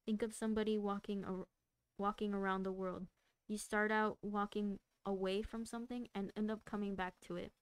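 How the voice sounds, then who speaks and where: A woman reading the lines of a sly, cruel talking cat in a smooth, unimpressed, conversational drawl. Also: medium pitch, level tone, normal speed, close to an everyday voice. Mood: matter-of-fact.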